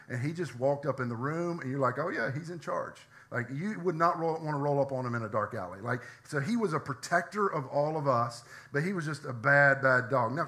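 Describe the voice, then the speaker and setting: Male pastor, somewhat high and bright, chatty storytelling sermon. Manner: conversational storytelling, frequent "like" and "right?".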